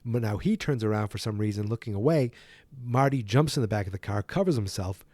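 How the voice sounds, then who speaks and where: A man hosts a podcast and casually retells a film from memory, rambling, correcting himself and yawning. His voice has a mellow, dark tone, recorded close and dry. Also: lowish voice, fairly quick, no echo. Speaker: podcast host.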